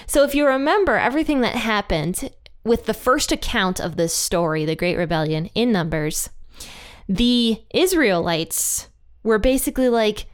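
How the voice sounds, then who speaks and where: A woman's voice: a little high, animated, normal speed, clean tone. A woman giving a casual Bible study lesson, talking in a chatty, playful way and acting out the quotes she reads. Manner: chatty and playful, laughs often, acts out quotes. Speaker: Bible teacher.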